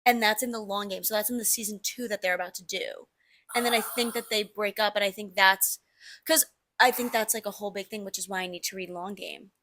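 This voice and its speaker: A young woman in her podcast chat, eager and quick to jump in. Her voice sits in an ordinary middle range, and she keeps the talk loose and friendly. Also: medium pitch, fairly even intonation, bright, forceful tone. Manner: eager, talkative, quick back-and-forth. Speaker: podcast co-host. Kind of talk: casual chat.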